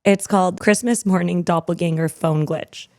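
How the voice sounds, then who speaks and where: A woman's voice: lowish voice, steady tone, moderate pace, darkish tone, no room sound. A young adult woman from Canada hosting a podcast, chatting and laughing often, then reading a story aloud. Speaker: podcast host. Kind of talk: casual chat and reading stories aloud.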